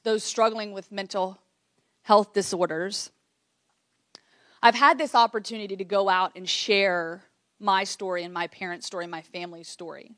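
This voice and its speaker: A woman's voice: mid-range voice, no echo, studio quality. A woman in her late thirties giving an emotional keynote speech to a live audience, earnest, repeating phrases for emphasis. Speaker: keynote speaker. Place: event room with audience.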